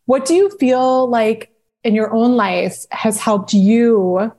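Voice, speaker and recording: A woman's voice: on the high side, slow, mellow. Reflective woman hosting an interview. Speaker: podcast host. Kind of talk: interview chat.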